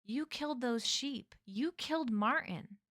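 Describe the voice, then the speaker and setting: A woman's voice: high-pitched, sing-song, moderate pace, no echo, studio quality, pitched above the performer's own voice. A woman reading a novel aloud, voicing a frightened, baffled teenage boy who fires off urgent questions. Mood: accusing.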